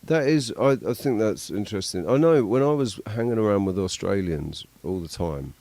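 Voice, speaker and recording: Man, casual host chat, rambling, halting, deep voice, dry sound. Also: animated, warm tone, no echo.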